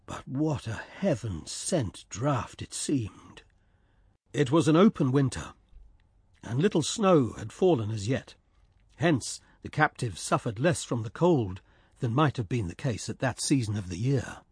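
Husky-voiced man narrating a story. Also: mid-range voice, no room sound, studio quality. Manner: measured, even storytelling. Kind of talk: scripted narration.

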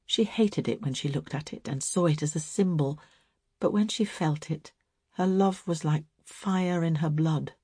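A woman narrating literary fiction in a measured, expressive reading. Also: sits low, breathy edge, no room sound, clean studio sound. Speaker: audiobook narrator.

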